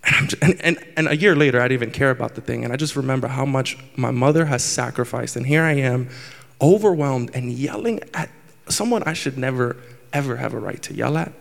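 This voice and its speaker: A man's voice: mid-range voice, a little fast, vocal fry, big-room sound. A man in his twenties preaching a candid, self-deprecating sermon, often restarting his sentences. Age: 20s.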